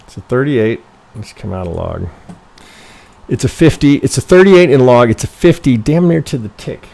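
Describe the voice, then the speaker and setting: A man's voice: medium pitch, expressive, normal speed, vocal fry, a little mellow. Rambling, swearing man thinking aloud. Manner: rambling, profane, constantly self-correcting, asks "right?"; thinks aloud while working through charts. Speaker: trading educator reviewing member charts. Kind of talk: casual live-stream chart analysis.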